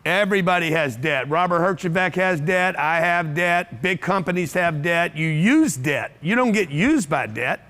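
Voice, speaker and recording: Brash seminar speaker, man, high pitch, blunt and profane, talks to a live crowd. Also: expressive, normal speed, hardly any pauses, fairly bright tone. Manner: brash, blunt and profane, with repeated rhetorical questions. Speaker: motivational speaker. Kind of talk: live seminar talk to an audience. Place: event room with a live audience.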